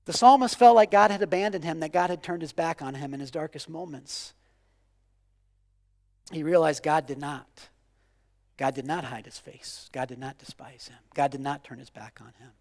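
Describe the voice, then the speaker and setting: High-pitched guy preaching, repeats himself a lot, goes loud then soft. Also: moderate pace, pauses often, big-room sound. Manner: impassioned, repeats phrases, swings from loud to hushed. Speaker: pastor. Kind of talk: sermon.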